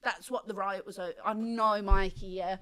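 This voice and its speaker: Bright-voiced woman telling prison stories. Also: medium pitch, moderate pace. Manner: animated, slangy storytelling with quoted voices. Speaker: podcast guest. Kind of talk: casual storytelling interview.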